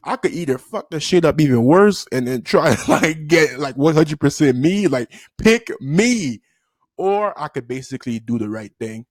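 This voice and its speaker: A man spinning a casual storytime for his viewers, his voice sitting a bit high and bouncing around as he acts out the people in the tale. He laughs often, swears freely and talks straight to the audience. The sound is close and dry, with no room echo. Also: normal speed. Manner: animated, laughing, jumps into quoted voices; loose and profane, addressing the audience directly. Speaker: storytime vlogger.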